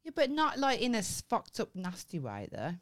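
A woman's voice: mid-range voice, moderate pace. A woman co-hosting a podcast, telling a story with lots of swearing and acted-out dialogue in a casual chat. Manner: animated storytelling, swears freely, acts out quoted dialogue. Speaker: podcast co-host.

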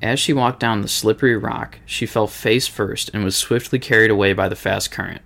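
A Midwestern American man with a low, gravelly voice co-hosts a casual podcast. He reads a listener's story aloud and keeps breaking off to joke around and swear. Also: fairly even intonation, moderate pace, a bit bright. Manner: joking, swears freely.

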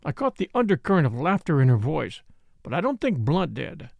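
Man reading a novel out loud, gravelly voice, lively pitch, dry close sound. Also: no echo. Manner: measured, expressive reading. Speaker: audiobook reader. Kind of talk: scripted narration.

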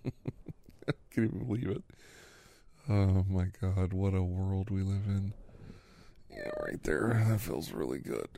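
A man hosting an ASMR podcast in a whispered role-play, rambling softly between a low voice and a whisper, recorded close in a quiet room. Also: gravelly, slightly rough, no room sound. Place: quiet room near railway tracks.

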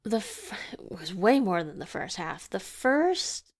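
A woman's voice: mid-range voice, very animated, measured pace. A woman co-hosting a podcast, chatting casually about a horror movie, playful and teasing. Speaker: podcast co-host. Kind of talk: casual movie review chat.

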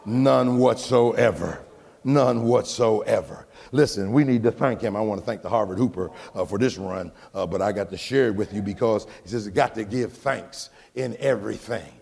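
An American pastor preaching a sermon, with a rhythmic preaching cadence that rises into shouted, half-sung peaks. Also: male voice, on the low side, brisk, gravelly, few pauses, husky. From United States. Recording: long hall reverb.

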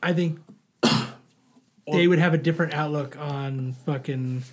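A man co-hosting a casual chat, relaxed and full of fillers like "like". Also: fairly high pitch, measured pace. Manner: relaxed, filler-heavy, frequent "like". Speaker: podcast co-host.

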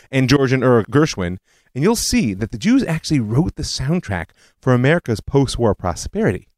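A man's voice: medium pitch, a little mellow, dry recording. A man hosting a history podcast, telling it as a story with conversational asides. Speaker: podcast host. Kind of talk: scripted history narration.

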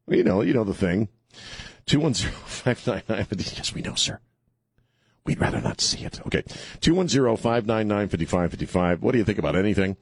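Middle-aged male talk radio host, low husky voice, rambling sarcastic monologue. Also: fairly quick, no echo, clean studio sound. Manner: rambling and sarcastic, with frequent restarts. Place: radio studio.

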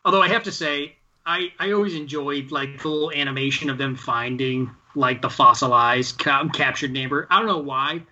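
A man co-hosting a podcast, joking and laughing easily in halting, casual banter. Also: medium pitch, bright, forceful tone, highs cut off. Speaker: podcast co-host.

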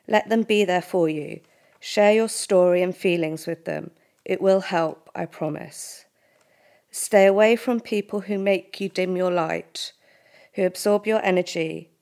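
A woman with a fairly low voice reads aloud from a letter she wrote to her younger self. Her delivery is earnest and measured, with a heartfelt tone throughout. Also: creaky, darkish tone. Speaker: podcast guest, company co-founder.

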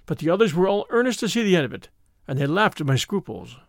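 A male narrator reads a period story in a high, animated voice and shifts voices for the characters. His delivery is measured, and the close, dry recording has no room sound. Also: no echo. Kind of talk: scripted audiobook narration.

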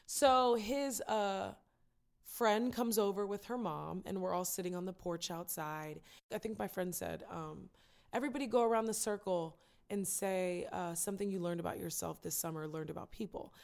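A woman chatting casually, telling a personal story with lively acted-out quotes. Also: mid-range voice, normal speed, creaky. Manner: animated storyteller, acts out quotes. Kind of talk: casual chat.

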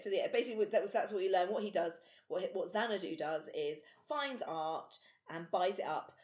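A woman's voice: lowish voice, moderate pace, darkish tone. A woman from Britain co-hosting a podcast, chatting casually as she recaps a TV episode with plenty of fillers. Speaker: podcast co-host. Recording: roomy echo.

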